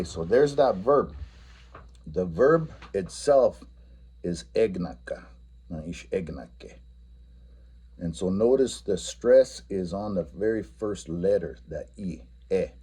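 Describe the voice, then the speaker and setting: A man giving a spoken language lesson for teachers, explaining a classroom game and repeating each phrase slowly and patiently. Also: sits low, dark tone, slightly rough.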